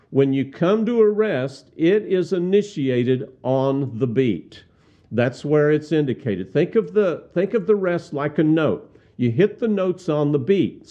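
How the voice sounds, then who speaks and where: A man teaching how to lead a cappella hymn singing, speaking deliberately, repeating words and singing hymn lines as examples. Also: fairly high pitch, mellow. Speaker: song leading instructor. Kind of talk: instructional demonstration with sung examples. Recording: slightly dull, muffled sound.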